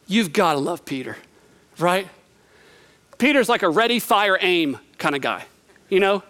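An unhurried but very animated preacher with a high, bright, forceful voice brings a Bible story to life in his sermon. He talks conversationally, questions the listener, and acts out each quote.

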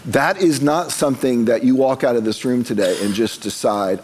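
A pastor preaching conversationally. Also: male voice, mid-range voice, normal speed, few pauses, darkish tone, slight background noise. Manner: conversational, with humorous asides. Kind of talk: sermon.

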